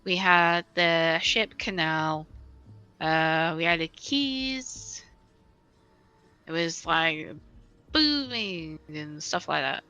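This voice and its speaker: Woman, bright voice, chatty and rambling, game music faint behind. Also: sits low, very slow, pauses often, clear, resonant tone, lo-fi sound. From England. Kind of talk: casual chat while gaming.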